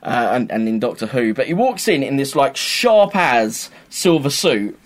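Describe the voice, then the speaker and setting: A man's voice: mid-range voice, a little slow. A man co-hosting a podcast, chatting casually and acting out sketch voices as he tells stories. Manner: animated, acts out sketch voices. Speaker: podcast co-host. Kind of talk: casual chat.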